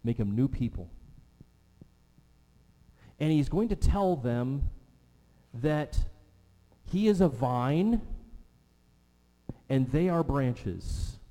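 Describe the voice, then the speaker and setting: A man preaching a sermon, emphatic, repeating key phrases and slowing down to stress them. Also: medium pitch, expressive, mellow. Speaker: pastor. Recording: long reverb of a large hall.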